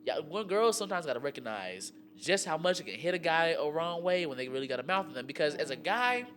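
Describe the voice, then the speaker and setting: A young man co-hosting a radio talk show, telling relationship stories in an animated, slangy way with lots of fillers. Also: on the high side, quick pace. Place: radio studio.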